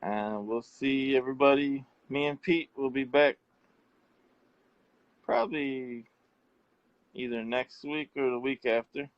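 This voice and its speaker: A man's voice: mid-range voice, fairly even intonation, dry recording. A man hosting a casual talk show, wrapping up in an easygoing way. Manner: slow, easygoing wrap-up talk. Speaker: show host. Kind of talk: casual chat. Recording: dull, lo-fi dry sound.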